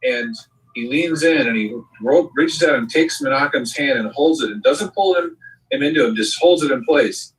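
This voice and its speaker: Rambling through anecdotes on a chat show he co-hosts, a middle-aged man imitates the voices of those he quotes. He speaks at normal speed with a medium-pitched voice, positioned a bit far from the mic.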